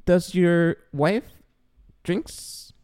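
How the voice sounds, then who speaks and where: Guatemalan-accented male host, thirties, smooth resonant voice, animated storyteller. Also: high voice, very slow. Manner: animated, acts out voices in anecdotes. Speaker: podcast host. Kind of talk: casual podcast chat.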